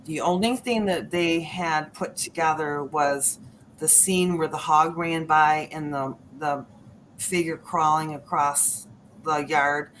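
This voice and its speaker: A woman with a somewhat low voice spins a story, and she acts out the voices of the people in it as she goes. A faint hiss sits under the recording. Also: takes it slowly. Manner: animated storyteller acting out quotes. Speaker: guest. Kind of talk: storytelling on a paranormal podcast.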